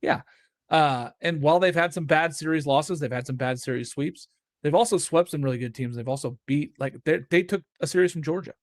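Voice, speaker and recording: This man talks college baseball on a podcast in a lively, animated way, and he often breaks into laughter as he acts out how people would react. His voice sits a little higher than most men's. The close, dry recording leaves no room sound around him. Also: a little fast, no room sound. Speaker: co-host of a college baseball show. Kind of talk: casual sports chat.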